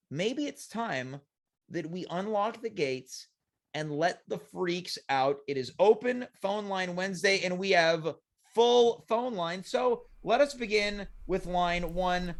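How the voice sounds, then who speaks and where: Male call-in host with a high voice; dry, bemused comic interviewer. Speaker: talk show host. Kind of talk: comedic live call-in show.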